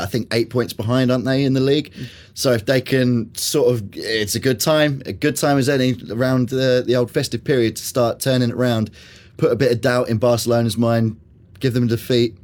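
A man's voice: mid-range voice, steady tone, brisk, a little mellow. Jokey man hosting football chat. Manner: jokey, laughs often, asks the panel questions. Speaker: podcast host. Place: studio.

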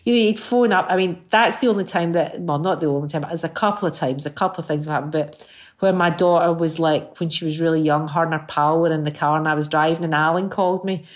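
A woman's voice: deep voice, fast. A middle-aged Scottish woman, a guest singer on a chat show, telling anecdotes and acting out the voices in them. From Scotland. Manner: animated storyteller, acts out voices in anecdotes.

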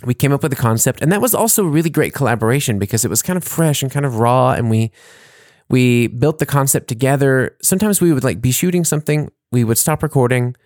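A man's voice: medium pitch, lively intonation, fast, darkish tone, no room sound, studio quality. A man co-hosting a podcast in casual chat, rambling and laughing at his own jokes. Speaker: podcast co-host.

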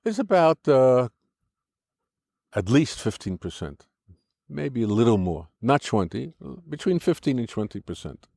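An older American man talks through his views in an interview, firm and insistent, often breaking off and restarting his sentences. His voice is mid-pitched, and the sound is close and dry with no room in it. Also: sing-song, unhurried, creaky, warm tone, no echo. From United States. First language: English. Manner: argumentative, explanatory, frequent restarts. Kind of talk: conversational interview.

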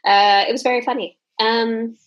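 A woman from Australia with an Australian accent, hosting a casual podcast chat in an animated, joking way. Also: a little high, moderate pace, highs cut off. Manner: animated, jokey, laughs often. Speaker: podcast host.

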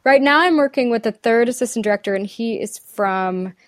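A woman's voice: a little high, brisk, no echo. A woman working as an accent and dialect coach, talking thoughtfully in a casual interview, with many ums and restarts. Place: lives in the UK.

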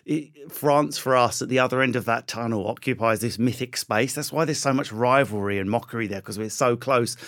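A comedian with an Essex accent, chatting as a guest in a relaxed interview, riffing playfully on stereotypes. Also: male voice, mid-range voice, brisk, few pauses. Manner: animated, jokey, riffs on stereotypes. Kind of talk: casual interview chat.

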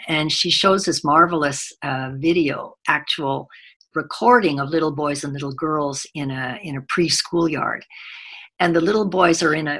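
A woman's voice: sits low, breathy edge. A middle-aged woman giving a conference talk as a workplace trainer, telling stories with animation. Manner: animated storytelling, acts out quoted children. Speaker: corporate gender trainer.

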